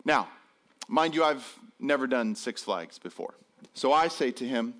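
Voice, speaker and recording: A man telling a comic personal story to an audience in an animated, self-deprecating way, acting out the dialogue in voices. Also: medium pitch, unhurried.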